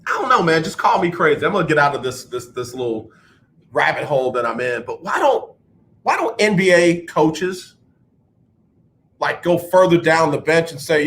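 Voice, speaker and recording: A bright, high-pitched male radio host rambles through a sports monologue. He is animated and mocks himself when he gets the facts wrong, and his voice has a sharp, forceful edge. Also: moderate pace, a little hiss or hum. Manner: animated, rambling, self-mocking.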